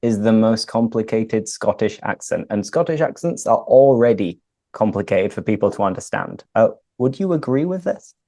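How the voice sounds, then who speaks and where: A man's voice: fairly low pitch, expressive, moderate pace, mellow, dry recording, studio quality. A man hosting an English-learning interview, asking questions and giving short encouraging responses. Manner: encouraging, brief prompts. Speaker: host, English teacher.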